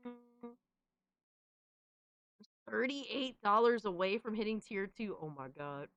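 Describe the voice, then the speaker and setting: A woman's voice: mid-range voice, lively intonation, a little slow, pauses often, a bit bright, smooth, no room sound, highs cut off. A young adult woman hosting a live stream in casual chat. She swears freely and coos at her cat.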